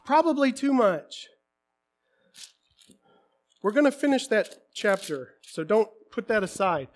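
A man preaching a sermon to his congregation, swinging from quiet, candid talk to impassioned shouting. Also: high voice, animated, moderate pace. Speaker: pastor.

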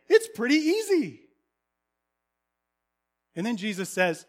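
Man, thirties, lively pastor, high voice, acts out stories in a sermon. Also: a little slow, pauses often. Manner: animated storytelling, acting out characters, bursts of loud calls.

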